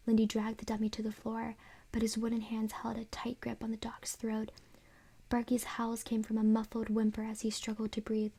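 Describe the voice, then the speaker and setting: Woman, unvoiced whisper, breathy, mellow tone, even steady reading, whispered role-play. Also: a little high. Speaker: ASMR reader.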